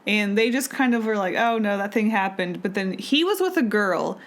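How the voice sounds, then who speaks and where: This woman co-hosts a podcast, her mid-range voice expressive and moving at a normal speed. The talk is a loose, casual chat packed with fillers and wandering tangents.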